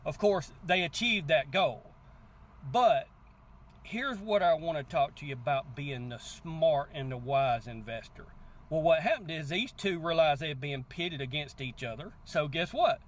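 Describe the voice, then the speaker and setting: A man hosting a crypto channel, telling a story in casual, animated talk and often asking "guess what" before his point. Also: a little high, measured pace. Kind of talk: casual motivational talk to camera.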